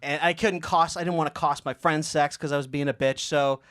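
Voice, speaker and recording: A man's voice: on the high side, steady tone, brisk, a bit bright. Sheepish man telling a party story. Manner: sheepish, laughing between lines. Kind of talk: casual podcast storytelling.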